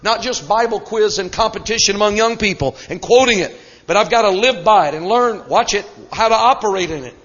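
A Pentecostal preacher with a very high, ringing voice delivers his sermon fervently and leans on repeated phrases. His words echo through a large hall. The recording sounds muffled and dull. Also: a little fast, fairly bright tone.

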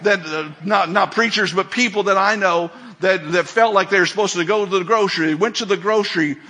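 A man's voice: sits high, fairly quick, pushed and bright. A middle-aged man preaching a sermon as a pastor, telling stories with emphasis and asking the congregation questions.

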